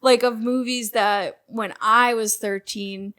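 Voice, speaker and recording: A woman's voice: fairly high pitch, steady tone, slow pace, a bit bright. A young woman co-hosting a podcast, laid-back with dry jokes in casual chat. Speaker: podcast co-host.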